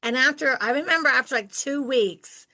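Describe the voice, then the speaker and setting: Podcast host, woman in her sixties from Ohio, bright higher voice, animated storyteller. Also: normal speed. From Ohio, United States. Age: 60s. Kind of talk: casual interview chat.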